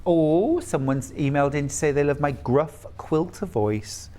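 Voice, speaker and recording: A man's voice: on the high side, measured pace, warm tone. Chatty enthusiastic male shopping presenter. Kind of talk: live sales presentation.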